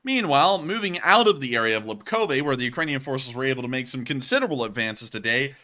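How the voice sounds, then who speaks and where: A man's voice: medium pitch, lively intonation, fast, pushed and bright. A man casually commenting over war footage as host, joking and rambling and laughing at his own slips. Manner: jokey, rambling, laughs at himself.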